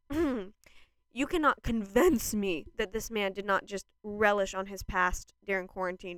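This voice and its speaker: A young woman vlogging a casual reaction to a new album, gushing and laughing, jumping between excited outbursts and quieter asides. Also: medium pitch, smooth, no echo, studio quality.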